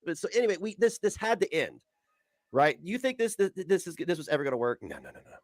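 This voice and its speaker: A man's voice: high voice, sing-song, fast. A man ranting in a crude, boastful way, often breaking into giggles. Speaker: streamer being reacted to.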